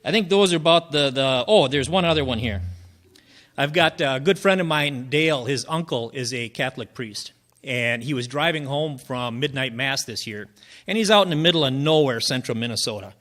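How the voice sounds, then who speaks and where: Speaking at a moderate pace in a mid-range voice that's a bit bright, a man works an open mic crowd. His joke-telling is a folksy, rambling kind of storytelling padded with fillers, and he chuckles whenever he lands a punchline.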